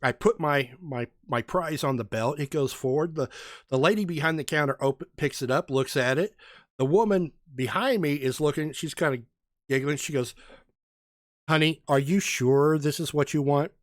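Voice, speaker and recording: A man with a slightly high voice tells a long, animated story in a casual chat. He acts out the people he met along the way. The sound is close and dry, with no room around it. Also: moderate pace, dry recording. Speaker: podcast co-host.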